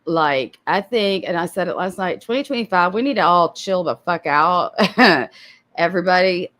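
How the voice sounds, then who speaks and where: A woman's voice: lowish voice, expressive, moderate pace, a bit bright. A woman hosting a livestream, teasing and mocking with frequent laughs. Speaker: livestream host. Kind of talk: livestream commentary.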